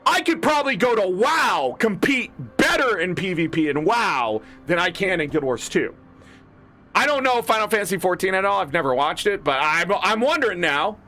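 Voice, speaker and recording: A man's voice: high voice, big pitch swings, normal speed, sharp tone, soft background music. A man in his thirties streaming a game, ranting casually with profanity and switching into mock voices. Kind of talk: casual gaming rant.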